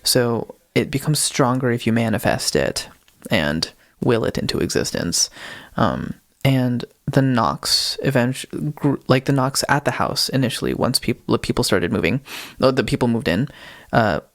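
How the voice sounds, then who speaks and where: A man's voice: medium pitch, expressive, moderate pace. Rambling man retelling a ghost story. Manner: rambling, self-correcting storyteller with giggles. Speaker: podcast co-host. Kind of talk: casual chat retelling a ghost video.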